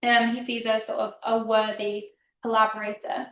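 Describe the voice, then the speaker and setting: A woman's voice: fairly high pitch, little pitch movement, normal speed, a bit bright, distant mic. A woman lecturer giving a public history talk in a casual, chatty manner with frequent ums. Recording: roomy hall, speaker off-mic.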